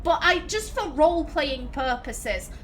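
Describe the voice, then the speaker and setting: A woman's voice: sits high, animated, a little slow, slight background noise. A woman hosting a let's play, giving chatty, reflective game commentary as she thinks aloud.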